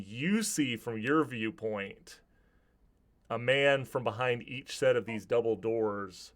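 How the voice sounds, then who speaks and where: A man's voice: medium pitch, a bit bright. A man narrating a tabletop game as game master, describing scenes vividly with some restarts.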